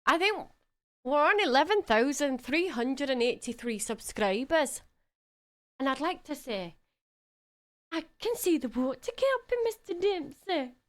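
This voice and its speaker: Excitable woman, high and bright, fake Scottish accent, swears a lot. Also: a little slow. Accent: put-on Scottish. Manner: excitable, swears freely, laughs often. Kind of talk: casual live-stream chat.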